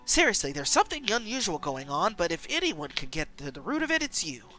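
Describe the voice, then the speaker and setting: A woman's voice: on the low side, very animated, fairly quick, faint music behind, voice pushed up. Kind young male cameraman , read by a woman. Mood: encouraging. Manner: gentle, encouraging.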